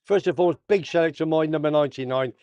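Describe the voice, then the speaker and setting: A man's voice: on the high side, very fast, darkish tone, dry recording, lo-fi sound. A man hosting a casual sports roundup vlog, full of jokey banter and slang. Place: south of Tenerife.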